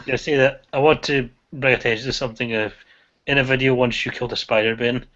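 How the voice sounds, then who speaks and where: A man's voice: medium pitch, fairly even intonation, quick pace, a bit bright, lo-fi sound. A man co-hosting a casual group video-call chat, easygoing and keen to keep things on topic. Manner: tries to steer the chat back on topic, easygoing.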